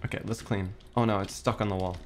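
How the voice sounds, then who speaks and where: A man's voice: on the low side, steady tone, fast talker, a little hiss or hum. A young man streaming a cooking game, talking to himself in a frantic, swearing rush and breaking into panicky outbursts. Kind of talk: gameplay commentary.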